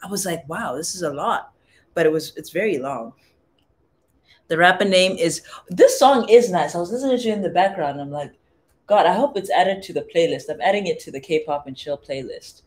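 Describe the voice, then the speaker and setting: A woman's voice: fairly low pitch, lively intonation, moderate pace. Chatty young woman on a livestream. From Southern Africa. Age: young adult. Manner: chatty, reads viewer comments aloud, tries out foreign phrases. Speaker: livestream host. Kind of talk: casual livestream chat with viewers.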